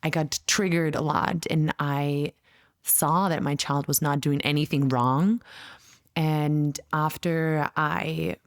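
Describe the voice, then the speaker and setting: A woman's voice: low voice, steady tone, no room sound, clean studio sound. A young adult woman from Germany, a parent coach answering interview questions in an earnest, reflective way. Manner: earnest, reflective, quick bursts of speech. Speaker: parent coach, podcast guest.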